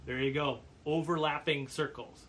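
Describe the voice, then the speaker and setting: A man giving a percussion lesson, calmly explaining brush patterns and counting beats aloud. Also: a little high, normal speed, soft background music. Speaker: percussion teacher. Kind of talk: instructional demonstration.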